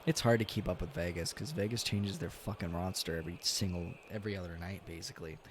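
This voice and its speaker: A young man streaming a hockey video game, casually commenting, swearing a lot and yelling at big plays, tired and yawning. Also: sits low, fast talker, a little hiss or hum. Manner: excitable, swears often, yells at big plays. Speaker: gaming streamer.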